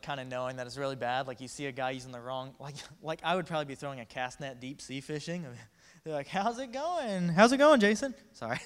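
A man's voice: mid-range voice, clean tone. A man preaching a casual, joking sermon, acting out the quotes in voices. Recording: reverberant hall.

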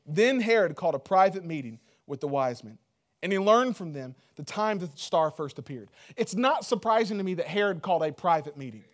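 A man's voice: sits high, fast. A man preaching a sermon in a loose, conversational way, joking and full of fillers. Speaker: pastor.

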